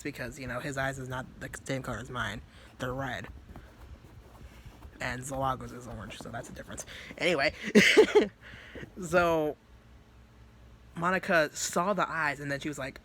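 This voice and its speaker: A man's voice: on the high side, moderate pace, pauses often, a bit bright, a little hiss or hum. A man telling a story in a casual, rambling way, with many restarts and laughs. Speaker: youtuber.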